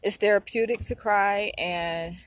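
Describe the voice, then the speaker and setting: A woman's voice: mid-range voice, unhurried, no echo. A young adult woman talking to camera in a casual vlog while crying, heartfelt and rambling with many fillers. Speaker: vlogger and doctoral psychology student. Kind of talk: emotional casual vlog talk.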